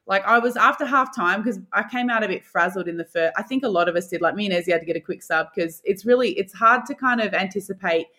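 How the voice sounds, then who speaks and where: A woman's voice: mid-range voice, fast, hardly any pauses, pushed and bright. A young woman, a basketball player guest in an interview, telling stories casually and acting out her own thoughts with the odd swear. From Australia.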